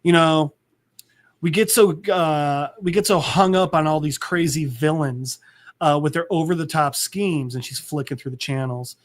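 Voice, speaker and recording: A man co-hosting a podcast, casually recapping a comic and acting out the characters' lines in an animated way. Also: fairly high pitch, moderate pace. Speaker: podcast co-host.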